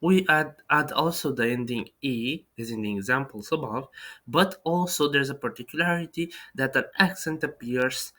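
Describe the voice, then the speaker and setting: A man teaches an online language lesson in a voice of ordinary, middle pitch. He restarts his sentences often and fills the gaps with small hesitations. When he demonstrates words, he slows down and says them with great care. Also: sharp tone. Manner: hesitant, with frequent restarts and fillers; slow, careful pronunciation demonstrations. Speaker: French teacher.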